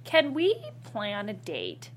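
A young woman co-hosting a podcast, excitable and quick to laugh. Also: mid-range voice, a little hiss or hum. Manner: excitable, expressive, laughs often. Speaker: podcast co-host. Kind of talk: casual chat.

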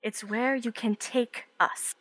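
A ruthless villain speaks low and quiet, cold and menacing, as a woman puts him on. The voice is close and dry, with no room around it. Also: steady tone, slow, dry recording. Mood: cold menace.

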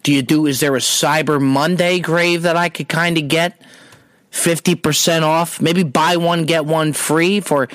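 A man's voice: fairly high pitch, steady tone, a little slow, fairly bright tone, dry recording, clean studio sound, voice pushed down. A man imitating his father as a laid-back, fussy, joking older dad who rambles. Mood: easygoing. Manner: easygoing, rambling.

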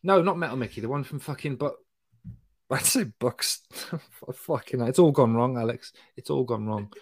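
A man's voice: mid-range voice, normal speed, slightly rough. A man co-hosting a podcast in casual banter, swearing freely and teasing his co-host with mock exasperation.

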